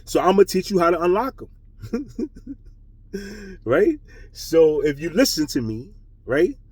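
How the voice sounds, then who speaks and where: A man's voice: high voice, very animated, measured pace, breathy edge, no room sound, recorded from a distance. A man talking straight to his audience in an unscripted spiritual rant. He rambles and swears, preaching and constantly checking in with "right?" and "you understand?". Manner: grows louder and more heated as he goes. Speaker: channel host.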